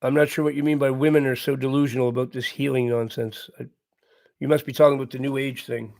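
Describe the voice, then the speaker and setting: A livestream host reads viewer comments aloud and answers them casually and earnestly, repeating himself and chuckling often. His medium-pitched voice is fast and flatly delivered, darkish, with vocal fry.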